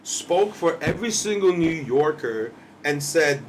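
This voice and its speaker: A man's voice: a little high, animated, moderate pace, hardly any pauses. A man, a podcast co-host ranting heatedly in casual profane chat, often laughing. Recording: distant mic, faint background noise.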